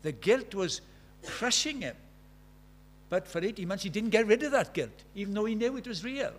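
Animated Welsh preacher, fairly high voice. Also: male voice, moderate pace. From Wales. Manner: animated, swings from loud declaring to hushed asides. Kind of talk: sermon.

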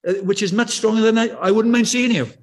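An older man preaching a sermon, chatty and anecdotal, slowing down to repeat key words with emphasis and dropping in wry, self-deprecating asides. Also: sits high. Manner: conversational and anecdotal, with slow emphatic repetition.

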